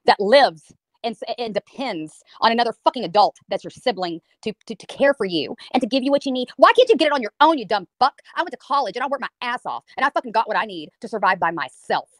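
Woman ranting super fast, swinging her pitch all over, cussing, dry mic. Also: lively intonation, no room sound. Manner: profane, mocking, fast ranting; mimics others in a high sing-song voice. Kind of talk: heated livestream rant.

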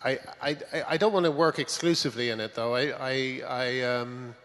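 A man from Britain, a guest comedy writer, talking on stage in a halting way with many restarts. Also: mid-range voice, a bit bright. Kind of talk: onstage conversation. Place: conference stage. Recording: long conference-hall reverb.

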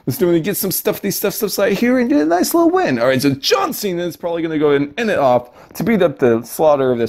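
A young man talking through a mobile card game in a chatty, excitable way. His pitch swings all over the place as he giggles and lets out sudden yelps. It is casual, running commentary, like a regular channel host.

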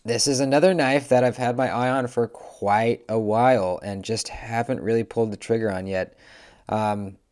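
A young man casually reviewing pocket knives, relaxed and chatty, with lots of fillers. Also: mid-range voice, moderate pace. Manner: laid-back, lots of "um" and "man". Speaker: knife reviewer.

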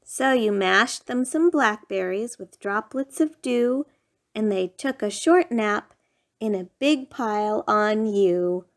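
A woman's voice: mid-range voice, animated, slow. A woman reading a rhyming picture book aloud in a sing-song, playful bedtime storytelling manner.

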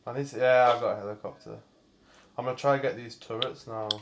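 A man's voice: mid-range voice, fairly even intonation, quick pace, background noise. A man hosting a gameplay video, chatting casually and swearing in exasperated banter with a friend while playing. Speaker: gaming channel host.

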